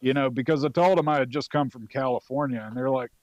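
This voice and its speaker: A man of about forty from North Carolina tells an old service story in a relaxed, rambling way. He swears freely and leans on fillers. His voice has a middling pitch, and the sound is dry and close with almost no room echo. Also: fast talker, dull audio. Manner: loose and profane, with many fillers. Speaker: podcast guest, Marine veteran. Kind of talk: casual storytelling.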